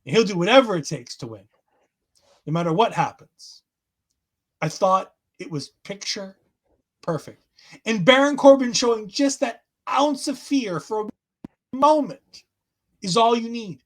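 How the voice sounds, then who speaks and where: A man's voice: sits high, lively intonation, measured pace, pauses often, a bit bright. A man hosting a podcast, recapping wrestling in an enthusiastic, chatty way. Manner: enthusiastic, acts out quotes in voices. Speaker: podcast host. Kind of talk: casual wrestling recap chat.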